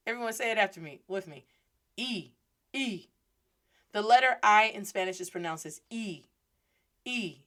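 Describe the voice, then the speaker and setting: A woman hosting a podcast and giving a playful, animated Spanish lesson, mixing Spanish phrases into her English. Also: high voice. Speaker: podcast host and Spanish teacher.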